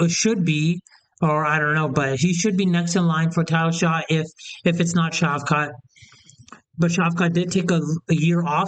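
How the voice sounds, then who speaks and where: Young male commentator, slightly high smooth voice, opinionated rambling rant. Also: low-quality recording. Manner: opinionated, heated, rambling with restarts. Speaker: MMA commentator. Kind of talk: casual opinion rant to camera.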